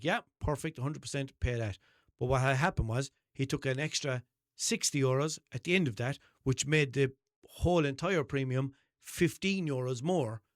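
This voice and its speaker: A young Irish man hosting a podcast, telling a story in a casual, animated monologue, swearing freely and acting out both sides of a phone call. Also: medium pitch, dry recording, studio quality. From Ireland. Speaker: podcast host.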